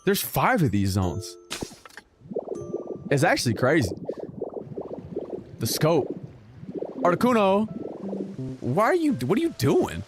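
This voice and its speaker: A young man streaming a game, giving casual commentary that is joking, animated and full of swearing. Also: on the high side, measured pace, pauses often. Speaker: gaming streamer. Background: game music.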